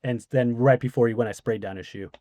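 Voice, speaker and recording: Man in his 40s, middle pitch, dry close sound, loose anecdotal guest talk. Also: fairly even intonation, quick pace, mellow, dry recording. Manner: rambling anecdotes with many fillers. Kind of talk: casual interview storytelling.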